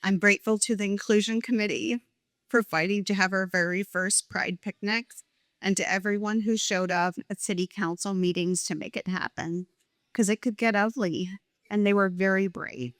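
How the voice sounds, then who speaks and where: A woman's voice: medium pitch, fairly even intonation, normal speed, no echo, studio quality. A middle-aged woman telling a heartfelt personal story at a live event, reading from her pages and openly emotional.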